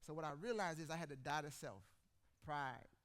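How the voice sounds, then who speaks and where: A preacher in his 40s gives a conversational sermon, telling stories animatedly and speaking straight to the congregation. His voice is on the high side and fairly quick.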